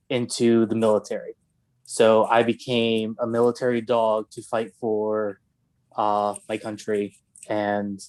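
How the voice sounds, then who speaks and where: Flat-voiced male player. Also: medium pitch. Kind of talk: casual chat about a tabletop character.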